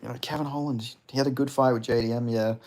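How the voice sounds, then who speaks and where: A man's voice: medium pitch, steady tone, fast talker, darkish tone. A young man hosting a livestream, reading chat and chatting loosely, laughing and swearing freely. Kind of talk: casual stream chat.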